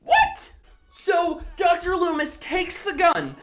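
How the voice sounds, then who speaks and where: Woman, tipsy, drunk comedic movie recap, swinging voice, unhurried. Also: a little high, faint music behind. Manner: animated, swearing, exclamatory storytelling. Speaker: host.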